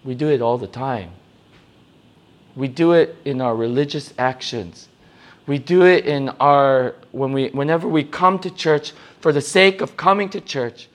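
A young man preaching a sermon to youth, animated, acting out the voices in his stories. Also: mid-range voice, unhurried. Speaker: youth pastor.

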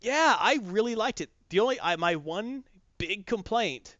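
An animated man co-hosting a casual review chat, retelling plots and acting out the characters. His voice sits a bit high and swings widely, recorded dry and close with a dull, lo-fi muffle. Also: normal speed, no echo. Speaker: podcast co-host reviewing comics.

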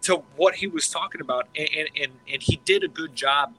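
A man in casual podcast chat, excitable and swearing freely, tripping over his words and restarting often. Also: a little high, fairly quick, a little hiss or hum, rough recording. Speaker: podcast co-host.

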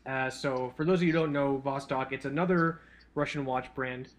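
A man's voice: medium pitch, fairly even intonation, moderate pace. A man co-hosting a casual podcast chat, telling a rambling, profane, self-deprecating story. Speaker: podcast co-host.

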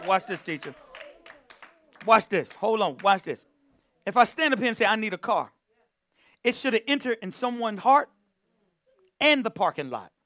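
A man's voice: high-pitched, animated, normal speed, long pauses, sharp tone, dry recording. A man preaching a sermon to a church, repeating phrases and calling on the congregation to answer back. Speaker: pastor.

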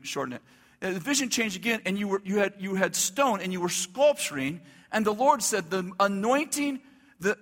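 A male pastor telling a story in a sermon, animated, acting out the dialogue and laughing as he goes. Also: sits high, long reverb tail.

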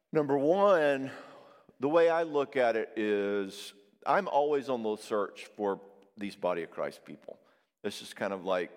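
A man's voice: fairly low pitch, big-room sound. A man preaching in a loose, conversational way, acting out the quoted voices of people he describes. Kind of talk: sermon.

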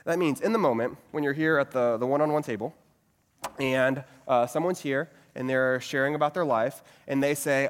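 With a mid-range voice at normal speed, a man delivers a sermon-like teaching to a group as their pastor. He asks many rhetorical questions and keeps coming back to a catchphrase, all in a hall with long reverb.

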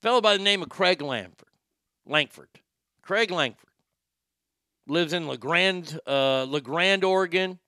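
A man with a high-sitting, bright, forceful voice hosts a show, delivering crude news stories in a sarcastic, joking style at a measured pace with frequent pauses. It's casual comedic news commentary, recorded in a clean studio with no room sound.

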